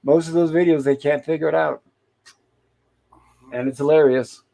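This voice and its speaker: A man's voice: fairly high pitch, steady tone, moderate pace, vocal fry, mellow. A man hosting a casual chat, explaining and walking through scenes step by step. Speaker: host. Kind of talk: casual chat reviewing an old sitcom.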